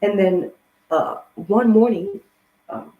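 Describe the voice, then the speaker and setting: A woman's voice: mid-range voice, slow, phone-quality sound. A woman giving a tarot card reading in a casual, rambling monologue, talking emphatically and often swearing. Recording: roomy echo.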